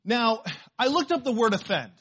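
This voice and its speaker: A male pastor preaching a sermon, emphatic and full of rhetorical questions, swinging from quiet asides to loud declarations. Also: very high voice, sing-song, moderate pace, husky.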